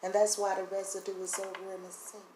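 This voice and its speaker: A woman vlogger, speaking earnestly and haltingly to the camera, her voice breaking and teary. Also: medium pitch, little pitch movement, a little mellow. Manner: earnest, halting, voice catching with emotion. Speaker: vlogger sharing spiritual impressions. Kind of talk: emotional direct-to-camera talk. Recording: echoey room, faint background hum.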